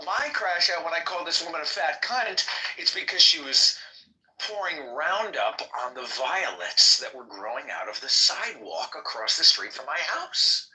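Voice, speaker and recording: Bright, tense-voiced man; rambling, profane panelist in a casual talk. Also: fairly high pitch, rough recording. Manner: rambling, profane, fast and animated. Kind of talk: casual heated group chat.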